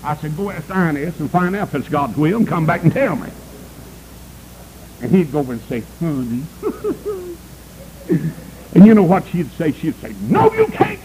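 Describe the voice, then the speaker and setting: Preaching a fiery sermon, this man swoops his pitch and speaks emphatically, urging the congregation to say amen. He is very animated, keeps a moderate pace, pauses often and has a dark tone. The recording is low quality, with slight hiss or hum.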